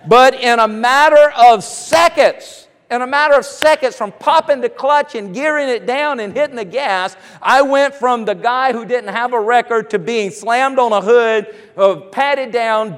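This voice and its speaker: A man preaching, his voice pitched high for a man. He tells a story on himself with a grin in it and then drives it home with fervor. The sound carries the long reverb of a church sanctuary. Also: fairly bright tone, clean tone. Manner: storytelling, laughing at himself, building to fervent preaching. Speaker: pastor. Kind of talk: sermon with personal story.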